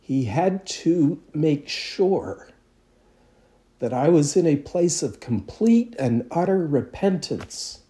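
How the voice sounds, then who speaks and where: A man's voice: fairly high pitch, sing-song, slow pace, dark tone. A man, a pastor, preaching a sermon in a conversational storytelling way with self-deprecating humor.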